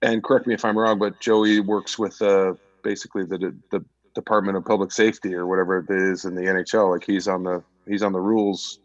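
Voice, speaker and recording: A man's voice: low-pitched, level tone, brisk, no echo, muffled recording. A man hosting a live-stream chat, asking rambling, friendly questions. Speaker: host. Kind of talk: casual chat.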